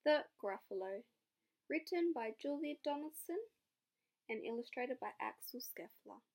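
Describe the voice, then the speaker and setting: A young woman teacher giving a read-aloud lesson, her voice high and full of lively rises and falls. She questions the children and praises their answers. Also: a little slow, creaky. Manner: questioning, encouraging classroom talk.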